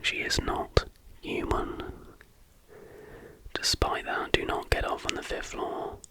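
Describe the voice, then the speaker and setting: Man whispering ASMR storytelling. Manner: slow, deliberate, instructional. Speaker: ASMR host.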